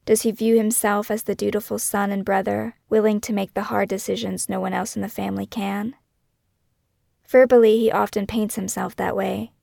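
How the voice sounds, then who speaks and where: Gravelly-voiced woman narrating true crime. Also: mid-range voice, flat delivery, darkish tone, no echo, studio quality. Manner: measured, brooding, asks many questions. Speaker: podcast host and narrator.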